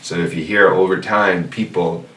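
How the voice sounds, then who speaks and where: A man teaching a language class, patiently explaining and slowly repeating words for his students. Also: sits low, fairly even intonation, fairly bright tone. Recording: echoey room, distant mic, faint noise.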